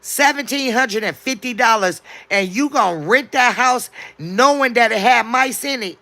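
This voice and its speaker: A woman's voice: on the high side, moderate pace, sharp tone. A woman livestreaming, chatting casually and answering her viewers' comments as they come in.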